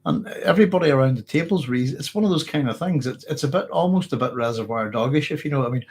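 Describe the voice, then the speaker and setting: A man's voice: mid-range voice, expressive, fast, darkish tone, slightly rough. A middle-aged man with a mixed Northern Irish accent and a cold, casually answering live chat questions with many restarts. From Northern Ireland. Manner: rambling, many restarts, chuckles often. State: has a cold, hoarse throat. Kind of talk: casual livestream Q&A.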